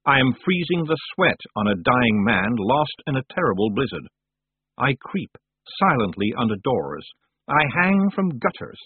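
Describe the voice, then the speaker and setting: A man reading the part of a calm, ancient male winter spirit who speaks slowly and grandly. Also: medium pitch, breathy edge, no echo, full character voice. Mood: solemn. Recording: dry, tinny phone-like sound.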